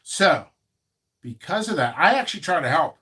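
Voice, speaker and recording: A man hosting a casual live stream about his seed business, rambling and animated, with frequent restarts and asides. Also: a little high, moderate pace, breathy edge.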